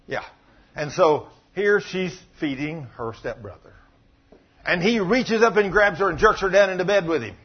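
A man preaching a sermon, retelling a story, dropping to low murmurs and rising to loud exclamations. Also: slightly rough. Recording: dull lo-fi recording.

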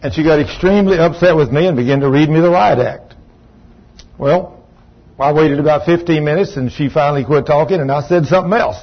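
A man's voice: fairly high pitch, a little fast. A pastor in his sixties preaching a sermon, telling folksy, joking stories about his marriage. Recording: dull lo-fi recording.

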